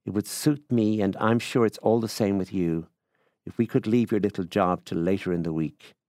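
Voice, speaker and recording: A man's voice: on the low side, moderate pace, mellow, dry recording, studio quality, lightly acted. A man reading a literary story, voicing a wheedling middle-aged Irish country farmer in an affable, folksy way. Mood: coaxing.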